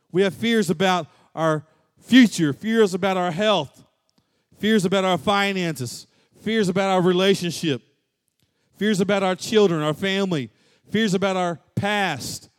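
A man preaching a sermon as pastor, swinging from loud and emphatic to soft and hushed. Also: sits high, in a large hall.

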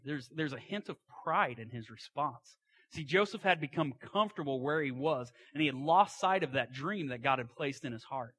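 A man's voice: medium pitch, expressive, normal speed, a bit bright, slightly rough, no room sound. A man preaching a sermon, retelling a story in a folksy way with asides and acted-out quotes.

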